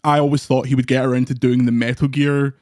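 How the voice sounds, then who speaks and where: A man's voice: medium pitch, little pitch movement, fast, a little mellow, no echo, clean studio sound. British man in casual rambling chat. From Britain. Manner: loose, rambling, laughs mid-sentence. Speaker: guest co-host.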